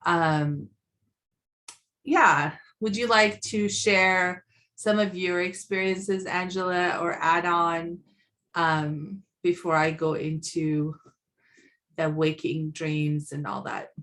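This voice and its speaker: A woman's voice: lowish voice, fairly even intonation, takes it slowly, fairly bright tone. A woman hosting a podcast, talking in a reflective, conversational way with many fillers. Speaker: podcast host.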